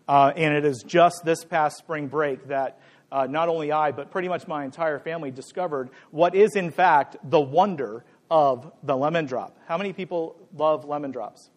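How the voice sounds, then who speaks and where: A middle-aged man preaching a sermon, conversational and playful, joking with his congregation. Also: fairly high pitch. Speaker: pastor. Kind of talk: sermon with a live demonstration.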